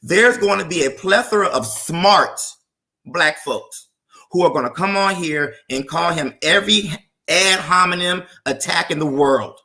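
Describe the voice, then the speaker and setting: A man makes his case on an open panel, driving each point home with rhetorical questions. His voice sits high and bright, with a gravelly fry. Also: measured pace. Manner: impassioned, rhetorical, emphatic. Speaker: panel speaker. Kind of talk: political debate on an open panel.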